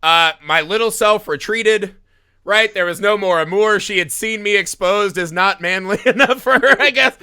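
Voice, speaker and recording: A man in his thirties from the US Midwest, a podcast host telling a story in casual chat, swearing and acting out shouts with laughs. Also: high voice, moderate pace, smooth. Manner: animated, swearing, acts out shouts and laughs while telling stories.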